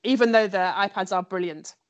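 A woman's voice: mid-range voice, a little fast, no echo, muffled recording. A woman language teacher, chatting enthusiastically with lots of fillers and restarts. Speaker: French teacher. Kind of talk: casual conversation.

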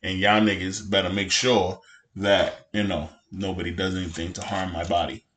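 A man's voice: low voice, flat delivery, normal speed, a bit bright, echoey room, slight background noise. A man in his thirties co-hosting a podcast in casual chat, blunt and laid-back, swearing freely. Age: 30s. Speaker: podcast co-host.

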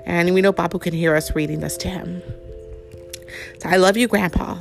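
A woman reading a picture book aloud to a child at home, telling the story expressively and pausing to ask him questions. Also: fairly low pitch, steady tone, creaky, faint music behind.

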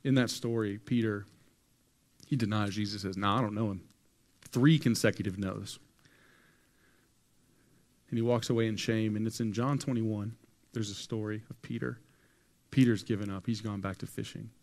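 A man preaches a sermon with a low-pitched voice. He tells the story in a lively, casual way, using slang and acting out what people say to his congregation in a church hall. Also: moderate pace, long pauses. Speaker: pastor.

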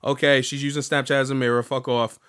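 Profane, animated podcasting man. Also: medium pitch, quick pace, clear, resonant tone. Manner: profane, animated, breaks into sung bits. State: recovering from illness, voice slightly off. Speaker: podcast host. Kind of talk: casual solo podcast monologue.

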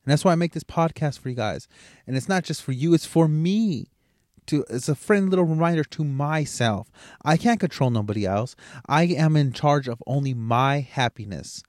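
A man's voice: fairly high pitch, lively intonation, normal speed, a little mellow, dry recording, studio quality. A middle-aged man hosting a podcast alone, talking in a rambling, blunt, profane motivational way. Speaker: podcast host. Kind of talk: casual motivational monologue.

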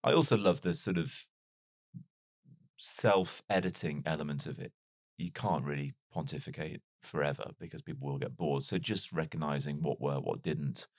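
In a laid-back interview, a very deep-voiced man with a slight Liverpool accent shares casual stories, poking fun at himself and tossing in quick asides. He's a broadcaster appearing as a guest, and the audio is close and dry, without any room sound.

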